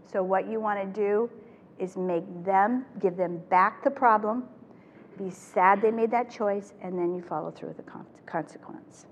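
An older woman presenting a parenting workshop to a live audience, talking in an animated way and acting out the phrases she quotes. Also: medium pitch, a little slow, dull audio. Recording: echoey hall with faint noise.

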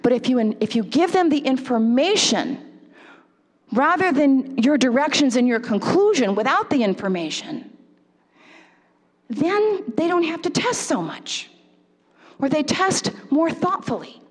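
High-voiced woman lecturing in a hall. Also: measured pace. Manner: animated, asks the audience questions. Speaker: parenting workshop speaker. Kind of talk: lecture to a live audience.

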